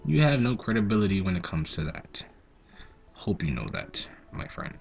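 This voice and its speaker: A teenage boy hosting his own gaming video, chatting casually and telling animated stories while he plays. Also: fairly low pitch, a little slow, vocal fry, long pauses, faint music behind. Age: teens. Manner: rambling, animated storytelling. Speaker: gaming channel host. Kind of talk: casual gameplay commentary.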